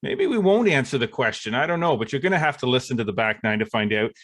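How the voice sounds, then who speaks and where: A man's voice: mid-range voice, lively intonation, fast talker, fairly bright tone. A man from Eastern Ontario co-hosting a casual golf podcast, rambling with lots of fillers and an upbeat tone. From Eastern Ontario, Canada. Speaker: podcast co-host.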